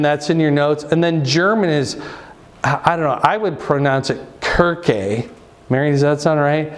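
Man giving a conversational church lesson. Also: on the high side. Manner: conversational, rambling with restarts and asides. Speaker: pastor. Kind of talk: church teaching talk.

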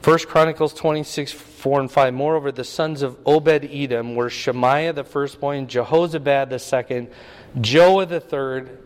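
A man's voice: mid-range voice, steady tone, moderate pace, smooth. A man preaching a sermon, teaching in a conversational way and often checking in with the audience. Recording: long reverb of a hall.

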